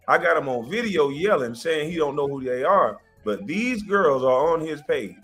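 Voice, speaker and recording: A livestream host with a slightly high, fairly bright voice and lively intonation speaks at a moderate pace over faint music. In a heated rant, he defiantly defends himself, insisting he keeps his receipts and repeating points for emphasis.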